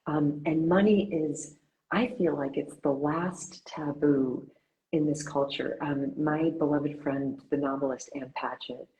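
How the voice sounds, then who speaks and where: A woman with a notably low, deep voice hosts an author interview. She talks in an earnest, meandering way, circling her questions with "um" and "you know" before landing them. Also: steady tone, measured pace, dark tone, low-quality recording. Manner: earnest, rambling questions with many fillers. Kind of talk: conversational interview.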